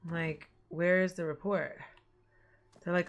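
A woman streams a video game and chats freely with her audience. Her talk is loose and full of swearing and quick laughs. Her voice has a bright, forceful edge. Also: on the low side. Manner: profane, chatty, laughs easily. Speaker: gaming streamer. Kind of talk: casual gameplay commentary.

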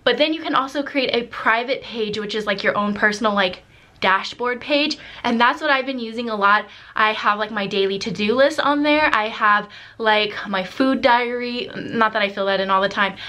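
A woman's voice: on the high side, moderate pace, sharp tone. Chatty young woman vlogging at home. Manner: chatty, says "like" a lot. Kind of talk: casual vlog chat. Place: home office.

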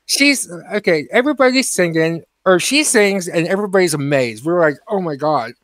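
A man, a comedy podcast co-host, telling a long profane story in a ranting, animated way. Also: high-pitched, brisk, no room sound.

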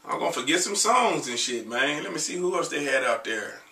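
A man's voice: on the high side, expressive, a little fast, vocal fry, bright, forceful tone, roomy sound, distant mic. A man in his thirties, an R&B singer, chatting casually and profanely while getting over a cold. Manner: loose, profane, joking chat between sung snippets. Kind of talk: casual vlog with singing.

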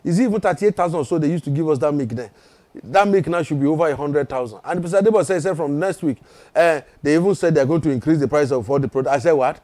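A man's voice: fairly high pitch, mellow. A man from Nigeria preaching a sermon as pastor, emphatic and repetitive, often asking the congregation if they follow. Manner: emphatic, repetitive preaching with quick rhetorical questions.

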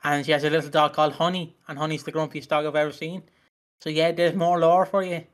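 A man's voice: on the high side, level tone, fast talker. A man co-hosting a podcast, telling rambling stories in casual chat with filler words. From Britain. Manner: rambling, giggly storyteller. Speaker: podcast co-host.

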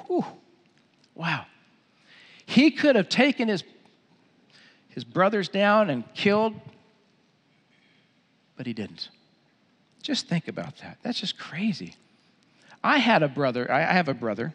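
A middle-aged pastor delivers his sermon in a church auditorium, his fairly high voice carrying a long reverb. He tells the story in an animated way and often repeats his phrases. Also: takes it slowly, pauses often.

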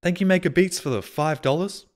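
A man's voice: sits high, fairly quick. A man streaming live, reading out viewer donations and messages in casual, self-mocking, sarcastic banter.

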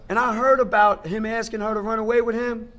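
A middle-aged man with a fairly high voice tells his recovery story at a meeting. He speaks emphatically, turns to the listeners directly, and hammers a point home by repeating phrases. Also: little pitch movement, fairly quick, fairly bright tone. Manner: talks straight to the crowd. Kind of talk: personal recovery testimony.

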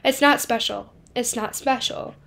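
Calm steady mom, soothing and reassuring, a bit high voice, as a lady reads her lines. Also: measured pace, creaky. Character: calm, steady middle-aged mother.

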